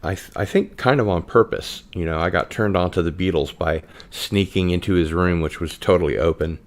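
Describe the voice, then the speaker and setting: A relaxed man with a very low, deep voice hosts a laid-back live podcast. He chats easily and reads out viewer comments between topics. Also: fairly quick. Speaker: podcast host. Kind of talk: casual live-stream chat.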